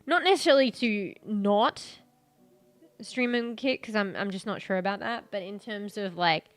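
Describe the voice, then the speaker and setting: A woman's voice: mid-range voice, normal speed, dry recording. A woman streamer chatting casually with her viewers, rambling with lots of fillers and restarts, her throat sore and coughing.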